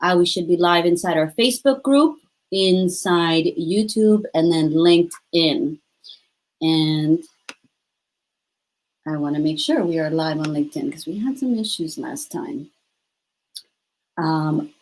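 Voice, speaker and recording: A woman's voice: on the low side, moderate pace, pauses often. A woman hosting a live-streamed talk show, upbeat and openly emotional, with many fillers. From United States. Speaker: host.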